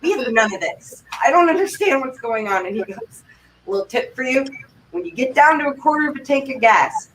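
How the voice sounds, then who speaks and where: A woman from Vermont, United States, appears as a livestream guest and spins rambling stories, chatty and animated, with breathless anecdotes and quoted asides. Her voice sits high and moves fairly quickly, picked up by a distant mic with faint background noise.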